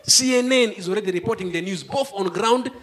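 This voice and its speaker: A male stand-up comedian telling a story on stage, lively, with sudden exclamations. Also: high voice, a little fast. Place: live comedy show stage.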